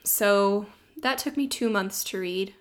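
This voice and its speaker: A woman's voice: medium pitch, slow pace. Chatty woman podcast co-host. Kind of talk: casual chat.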